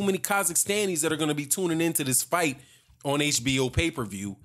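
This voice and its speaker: A man's voice: on the high side, fast talker, fairly bright tone. A man giving heated, sarcastic opinion commentary on boxing, repeating his points for emphasis.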